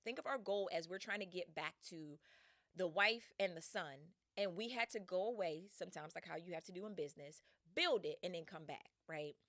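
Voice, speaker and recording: A woman hosts a podcast, retelling a tale with slangy, laughing animation and acting out voices. Her voice is bright and forceful, recorded close and dry with no room sound. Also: fairly low pitch, normal speed, no echo. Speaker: podcast host. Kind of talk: animated casual storytelling.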